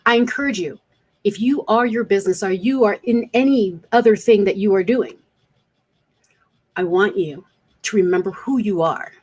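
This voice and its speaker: Woman, speaker coach, webcam vlog, earnest advice, repeats for emphasis, medium pitch. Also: moderate pace, a little mellow, slightly rough. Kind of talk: direct-to-camera advice vlog.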